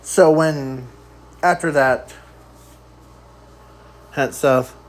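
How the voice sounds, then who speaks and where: Very slow, rambling male storyteller. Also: on the high side, poor audio. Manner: rambling and halting, trailing off with frequent fillers. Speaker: fan storyteller. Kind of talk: improvised fan story narration.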